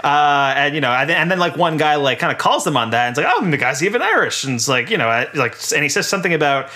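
A man with a bright, somewhat high voice talks through a movie plot in a loose, rambling podcast chat. He laughs often. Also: fast. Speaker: podcast co-host. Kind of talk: casual movie recap chat.

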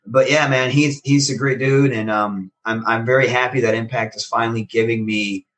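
A man's voice: medium pitch, moderate pace, recorded from a distance, poor audio. A man, a professional wrestler, casually telling stories in an interview and animatedly acting out the conversations he recounts. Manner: animated, acts out quoted exchanges.

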